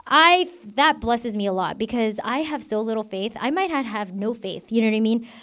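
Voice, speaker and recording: This is a woman deacon teaching the Bible informally, animated and a bit bright, with a highish voice at a moderate pace. Expect plenty of "you know" and "like," in a chatty, self-disclosing manner.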